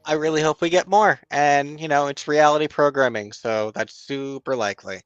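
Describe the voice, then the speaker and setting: Sarcastic, slightly higher-voiced male co-host. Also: normal speed, a bit bright, clean tone, no room sound, highs cut off, soft background music. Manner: teasing, sarcastic. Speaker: podcast co-host. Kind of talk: casual chat.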